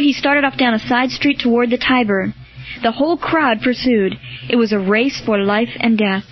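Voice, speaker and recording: A woman narrating a storybook in a measured, even way. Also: a little high. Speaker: audiobook narrator. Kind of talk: scripted narration. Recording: dull lo-fi with faint music.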